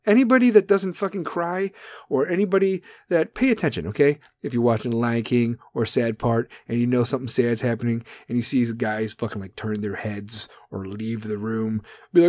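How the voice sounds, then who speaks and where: A man's voice: brisk, darkish tone, dry recording. Brash, profane man ranting. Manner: brash, swearing, swings into mocking falsetto bits. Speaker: podcast host. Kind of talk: profane comedic rant.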